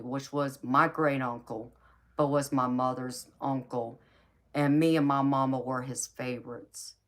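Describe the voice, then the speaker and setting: A woman hosting a tarot livestream, telling a personal story in an earnest, emotional way, often stumbling over repeated starts. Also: very deep voice. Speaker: tarot reader hosting a live stream.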